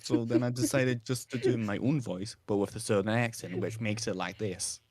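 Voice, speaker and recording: A man with a British accent and a low, grounded voice talks in a loose, rambling way, often laughing at himself. The sound is close and dry, with no room around it. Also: fairly even intonation, moderate pace, darkish tone, no room sound. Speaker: voice actor in a fan series. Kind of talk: casual chat while streaming.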